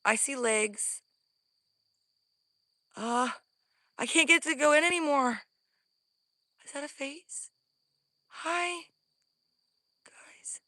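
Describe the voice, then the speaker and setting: A woman vlogging from the woods on her phone, scared and breathing heavily, often dropping to a hushed whisper. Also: sits high, takes it slowly, pauses often, no room sound, studio quality. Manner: jittery, drops into hushed whispers. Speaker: paranormal vlogger. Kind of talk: live outdoor investigation vlog. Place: woods outdoors.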